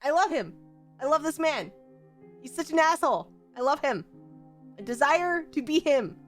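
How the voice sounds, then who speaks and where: High, animated woman streamer. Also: moderate pace, soft background music. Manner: gushing and animated, with frequent laughs and repetition. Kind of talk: excitable casual stream chat.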